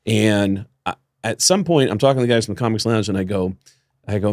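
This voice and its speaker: A man co-hosting a podcast, telling a long story in casual chat, often laughing and jumping his voice up high for quoted lines. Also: brisk, no room sound, studio quality. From United States. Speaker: podcast co-host.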